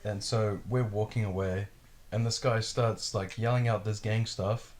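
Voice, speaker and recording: Podcast host, man, lowish voice, loose, swearing storyteller who acts out the people in his story. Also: unhurried. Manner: profane, animated, acts out quotes. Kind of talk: casual storytelling.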